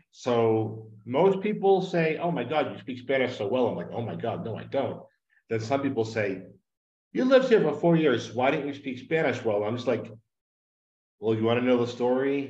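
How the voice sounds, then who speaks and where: A man from the United States, a podcast guest, talking earnestly and at length in a casual interview from his home. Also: fairly low pitch. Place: home in a small town. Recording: roomy, dull lo-fi audio.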